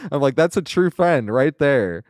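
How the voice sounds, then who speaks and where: A man's voice: medium pitch, lively intonation, normal speed, darkish tone. A man live-streaming a game, chatting casually in a rambling, profane way, chuckling often. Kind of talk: casual live-stream chat while gaming.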